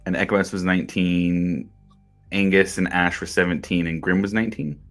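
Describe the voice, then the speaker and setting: A man narrating a tabletop game as game master in a relaxed, descriptive way. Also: sits low, normal speed, soft background music.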